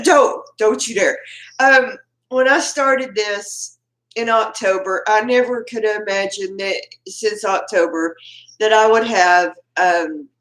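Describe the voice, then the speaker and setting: Chatty and quick to laugh, a Texan livestream host hangs out with her viewers from home and welcomes them by name. Her voice sits at medium pitch with a fairly bright tone, heard with roomy echo.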